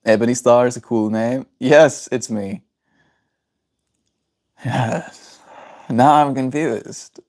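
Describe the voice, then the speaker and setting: A man's voice: mid-range voice, slow, long pauses, a little mellow. A man from South Africa chatting casually on a livestream, rambling and answering chat messages aloud.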